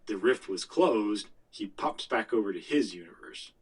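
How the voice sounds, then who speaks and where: A man's voice: lowish voice, animated, moderate pace, recorded from a distance, low-quality recording. A man co-hosting a podcast, giving a blunt, rambling movie review with lots of restarts. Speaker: podcast co-host. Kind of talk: casual movie review chat.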